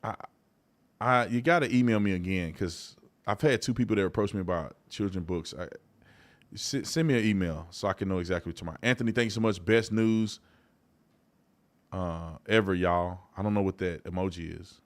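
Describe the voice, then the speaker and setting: Guy hosting a live show, casual slangy talk, goes loud then mumbly, repeats stuff. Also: brisk. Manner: animated, swings from loud outbursts to low mutters; colloquial, repeats himself. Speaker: host. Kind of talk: casual live-stream commentary.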